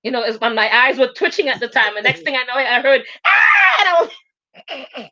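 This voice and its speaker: A woman co-hosts a casual live talk show, her voice bright and fairly high. She tells stories animatedly and laughs often. The stream audio sounds dull and lo-fi. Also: expressive, moderate pace. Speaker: co-host. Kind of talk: casual chat.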